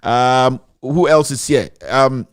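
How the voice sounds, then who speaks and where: A man hosting a live online TV show from a studio, talking in a halting way with many pauses and restarts. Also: mid-range voice, clear, resonant tone, no room sound. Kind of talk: live broadcast chat, thanking donors.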